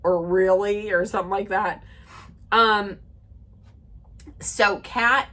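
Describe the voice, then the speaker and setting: Slow, low-pitched chatty woman. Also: sharp tone. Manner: chatty, rambling, many restarts and fillers; retells scenes by quoting the cast. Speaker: reality TV recap vlogger. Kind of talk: casual recap and rant.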